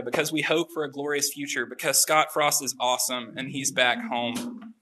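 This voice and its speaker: A man's voice: medium pitch, moderate pace, sharp tone, a little hiss or hum. A young adult man preaching a casual sermon, telling a personal story with many fillers and asides. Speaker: pastor.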